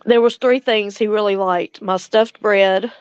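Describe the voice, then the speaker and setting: Older lady on a livestream, slow and teary, smooth voice, kinda dull lo-fi audio. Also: medium pitch, steady tone, no room sound. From Louisiana, USA. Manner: slow, tender, chuckling between lines. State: tearful. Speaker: livestream host. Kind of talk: casual livestream chat.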